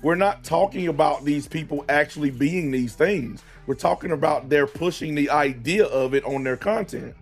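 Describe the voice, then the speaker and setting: A man, hosting a casual podcast debate, blunt and profane, slowing down to stress his points. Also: on the high side, slightly rough, soft background music. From American South. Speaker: host.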